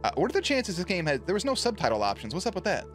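A young man giving playful let's play commentary, excitable and baby-talking to the cats on screen. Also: high voice, very fast, faint music behind. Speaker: gaming YouTuber.

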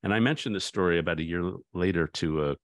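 A man's voice: sits low, quick pace, dry recording, clean studio sound. A man, a guest author, in a reflective conversation, thoughtful and anecdotal, often restarting his sentences.

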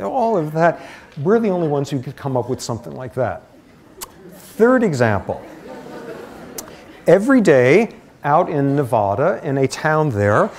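A middle-aged man giving a university lecture, telling stories with lively asides. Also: medium pitch. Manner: animated storytelling with asides.

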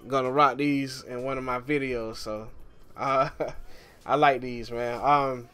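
A man casually walking viewers through a game tutorial, relaxed and chatty, often calling the listener "man". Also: medium pitch, slow, clear, resonant tone, faint music behind. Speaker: gaming YouTuber.

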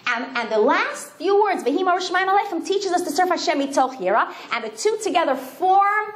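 Animated high-voiced woman in an echoey room. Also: brisk. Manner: animated storytelling with sung and acted-out quotes. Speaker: speaker. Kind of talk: inspirational talk to a women's group. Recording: echoey room with faint background noise.

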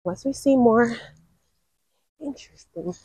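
Young woman vlogger, unhurried and chatty, slightly high husky voice, dry outdoor sound. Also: expressive, darkish tone, no room sound, poor audio. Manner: chatty, lots of "like" and "um". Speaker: wildlife vlogger. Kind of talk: casual walking vlog narration. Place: outdoor park lake.

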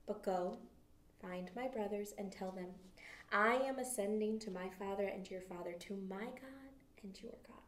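A woman plays a calm, gentle man speaking in a hushed, tender voice. The room echoes, and the mic sits at a distance. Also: medium pitch, moderate pace, close to an everyday voice.

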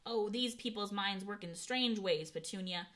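A woman's voice: mid-range voice, moderate pace, close to an everyday voice. A woman voicing a blustering, short-tempered middle-aged man in a storybook reading. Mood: dismissive. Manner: blustering, shouting.

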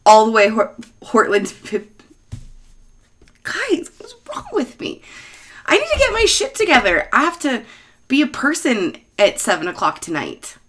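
A woman's voice: fairly high pitch, sing-song, a little slow, long pauses, fairly bright tone. A woman vlogger in a casual rant to camera, talking in a profane, sarcastic way.

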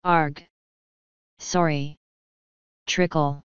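A woman reads out a puffed-up, sneering watch captain full of bluster, pitched a touch low. Her tone is silky clear and the dull, muffled recording sounds close and dry. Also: steady tone, very slow, no echo. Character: pompous bullying male watch captain. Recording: dull lo-fi audio.

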